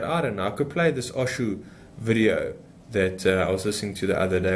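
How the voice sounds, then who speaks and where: A man's voice: fairly low pitch, animated, a little fast, a little hiss or hum. A man giving an unscripted spiritual talk as a meditation teacher, speaking passionately and emphatically in a rambling way.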